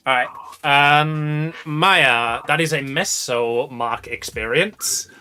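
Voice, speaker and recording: A woman's voice: low voice, takes it slowly, pushed and bright, clear, resonant tone. A woman running a tabletop game as game master, narrating casually with many fillers and restarts.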